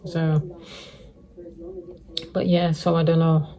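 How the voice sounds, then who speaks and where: Low-pitched and mellow, with little pitch movement and a slow pace, this middle-aged woman records a casual vlog update for viewers. She lives rough on the streets, and she rambles, repeats herself and makes many restarts.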